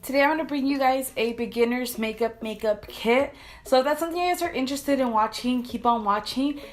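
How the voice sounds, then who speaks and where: Chatty young woman vlogger, rambling. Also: fairly high pitch. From California. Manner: chatty, rambling, repeats "really, really". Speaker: beauty vlogger. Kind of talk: casual makeup review vlog. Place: her bedroom, seated at a makeup setup.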